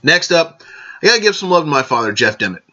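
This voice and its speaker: A man's voice: fairly high pitch, sing-song, fast, pushed and bright, dull audio. A man hosting a casual vlog, rambling along, correcting himself and raising toasts to his listeners. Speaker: podcast host.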